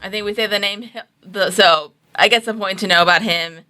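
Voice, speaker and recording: A woman's voice: mid-range voice, brisk, sharp tone. A woman co-hosting a casual review chat, recapping the plot loosely with many fillers. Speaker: co-host.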